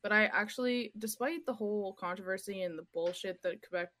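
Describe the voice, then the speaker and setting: A woman's voice: mid-range voice, brisk, a bit bright. A young woman from Montreal, chatting bluntly and crudely as a streamer. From Montreal, Canada. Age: young adult. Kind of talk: casual chat.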